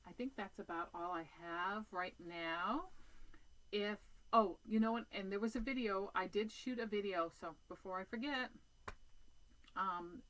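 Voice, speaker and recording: The audio is poor as a woman with a fairly low, slightly bright voice talks to her viewers outdoors. She's a cross-stitch vlogger in casual vlog chat mode, rambling with lots of fillers and restarts.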